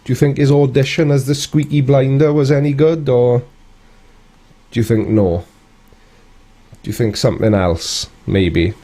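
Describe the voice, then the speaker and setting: A British man hosts a casual live stream, chatting and answering viewer comments with wry humor. His voice is medium in pitch and dark in tone, moving at a normal speed with frequent pauses.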